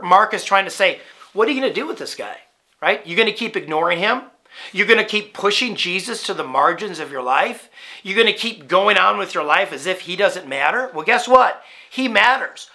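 Bright-voiced pastor preaching conversationally. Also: male voice, sits high, gravelly. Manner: conversational, often adds "right?"; stumbles and restarts, emphatic rhetorical questions. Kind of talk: sermon.

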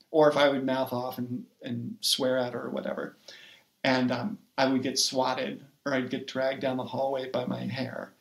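Guy on a podcast telling a personal story, earnest, lots of ums, pretty echoey room. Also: medium pitch. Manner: reflective and earnest, with frequent "um" and "like". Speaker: podcast guest, poet and writing coach. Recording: roomy echo.

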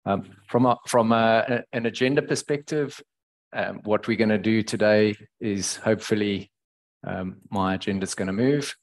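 Brief: South African male host on a headset, lowish pitch, hesitant, restarts often. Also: steady tone. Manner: halting, many fillers and restarts. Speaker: webinar host and financial planner. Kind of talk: online webinar presentation.

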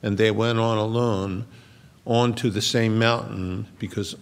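A man's voice: on the low side, fairly even intonation, measured pace, gravelly, in a large hall. A middle-aged male pastor preaching a sermon in a large church, reading scripture aloud with earnest explanation.

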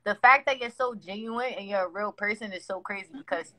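Woman, live-stream guest, bright and sharp voice, gushing and effusive, phone mic. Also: mid-range voice, a little fast, rough recording. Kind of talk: casual live-stream chat.

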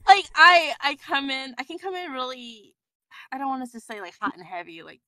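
A woman voice actor chatting as a podcast guest, telling stories excitedly and gushing as she goes. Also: high voice, brisk, dry recording. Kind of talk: casual podcast chat.

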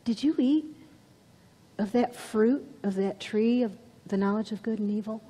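A woman preacher voicing God as a father figure searching for his children, calling out in a high, loud voice. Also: a little slow, breathy edge, in a large hall. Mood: gentle questioning.

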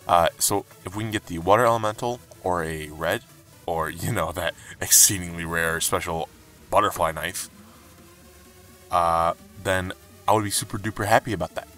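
A young man commenting as he opens game cases, frustrated and pleading, breaking into high outbursts. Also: steady tone, normal speed, pushed and bright, faint music behind. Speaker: gaming YouTuber. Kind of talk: game case-opening commentary.

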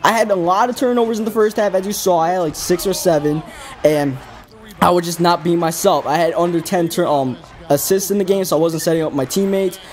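A man's voice: high-pitched, brisk. A man hosting a gaming video, giving casual, rambling play-by-play commentary with an exasperated, self-critical tone.

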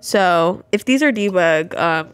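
A woman's voice: fairly low pitch, expressive, slow pace, clean tone, faint music behind. A young adult woman giving casual gameplay commentary, chatty and exclamatory, swearing and laughing often. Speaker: gameplay video creator.

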